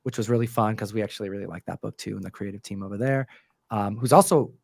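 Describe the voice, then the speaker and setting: A man's voice: fairly low pitch, quick pace, gravelly, darkish tone, husky, no room sound. Guy rambling about his comics, tons of um and like, dry close mic. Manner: rambling, lots of fillers and restarts. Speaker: comic book co-writer and show host. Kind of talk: casual interview chat.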